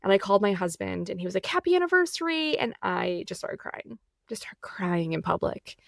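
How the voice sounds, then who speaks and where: A woman hosting her own podcast, telling a personal story candidly, animated and laughing often as she acts out the people in it. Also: lowish voice, normal speed, creaky, no echo, clean studio sound. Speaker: podcast host.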